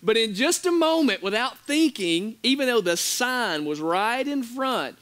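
High-voiced man preaching a sermon. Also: unhurried, few pauses. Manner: animated storytelling, acting out quotes, laughing at his own story. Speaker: pastor. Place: church sanctuary.

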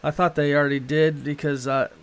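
Middle-aged boston guy streaming games, kinda high voice, rambly, swears a lot. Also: level tone, fairly quick, clean tone. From Boston, USA. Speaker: game streamer. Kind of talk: casual gaming livestream chat.

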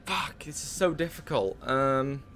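A man's voice: medium pitch, measured pace, a bit bright, slight background noise. A man giving casual gameplay commentary, thinking aloud with many fillers and swearing when moved. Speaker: let's play gamer.

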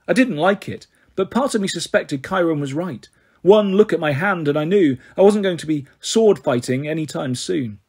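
A man narrating a first-person audiobook with steady, quick storytelling. His voice is husky and sits a little high for a man. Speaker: audiobook reader.

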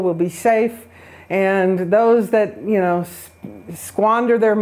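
A woman's voice: medium pitch, a little mellow. A woman on a spiritual talk show who tells a fairy-tale parable in a chatty, self-deprecating way and laughs often. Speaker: guest.

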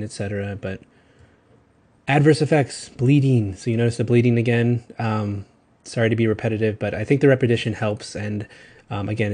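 A man from Texas with a Southern accent, giving a recorded pharmacology lecture in a casual, rambling way with quick self-corrections. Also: on the low side, mellow.

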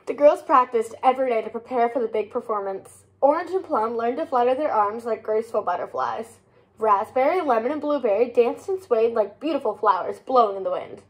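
A woman's voice: on the high side, brisk. Woman reading a picture book aloud. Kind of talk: children's book read-aloud.

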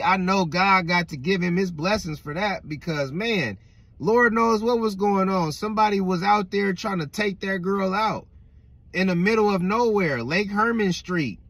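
Young man, lively storytelling with cussing, dry close sound. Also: sits high, slightly rough, dry recording. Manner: animated, swears a lot, keeps asking "right?". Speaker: vlogger. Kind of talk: casual storytelling.

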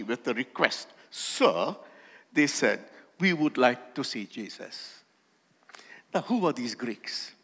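A man preaching a sermon as pastor, with emphatic, slowly stressed phrases that swell in volume. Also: fairly high pitch, gravelly, a bit bright. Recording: long hall reverb.

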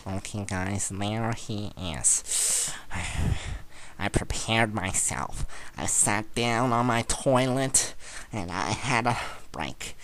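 A teenage boy giving gameplay commentary, boastful and trash-talking, bursting into shrill yelling. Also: expressive, very slow, a little hiss or hum, rough recording. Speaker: gamer commentator.

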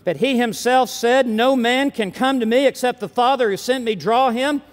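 Preaching a sermon to a conference audience, this man has a strikingly high, ringing voice and a moderate pace. He hammers his points home with forceful, emphatic declarations, and each phrase fades into the long echo of a big hall.

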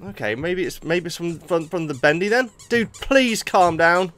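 A young man hosting a let's play, excitably talking to himself and the game. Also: high voice, moderate pace. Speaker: gaming video host.

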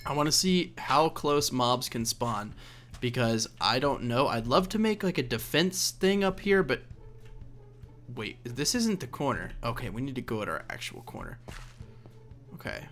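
A man's voice: medium pitch, sing-song, a little slow, fairly bright tone, soft background music. A young man casually commenting on his own gameplay, rambling and laughing at himself as he goes. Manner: chatty, rambling, laughs at himself, coaxes in-game characters. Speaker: let's play host.

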